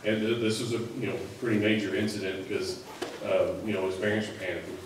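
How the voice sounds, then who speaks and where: Preacher in an echoey church hall. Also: male voice, on the low side, steady tone, fast talker, noisy background. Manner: conversational, rambling with many fillers. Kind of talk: sermon. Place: church sanctuary. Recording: echoey hall, mic at a distance.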